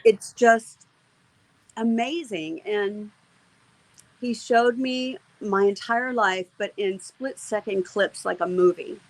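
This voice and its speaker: A woman's voice: medium pitch, takes it slowly, no room sound, low-quality recording. A middle-aged woman, an interview guest, telling a personal faith testimony in an earnest, emotional way, with many fillers and restarts.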